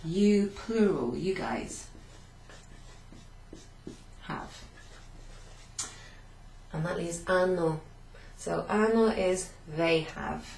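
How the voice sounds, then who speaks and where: A woman teacher reviews a beginner class in a slow, patient way, repeating phrases and turning to write on a board. Her voice sits a little low. The room adds a noticeable echo and a faint hum underneath. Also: vocal fry, a little mellow. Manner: writes on a board while talking, turning away at times. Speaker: language teacher. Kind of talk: recap of a beginner Italian class.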